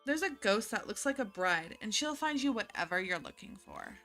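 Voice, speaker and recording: A woman's voice: medium pitch, expressive, unhurried, bright, forceful tone, faint music behind. A woman voicing a bubbly young schoolgirl in a Valley Girl drawl, reading game dialogue aloud. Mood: gossipy.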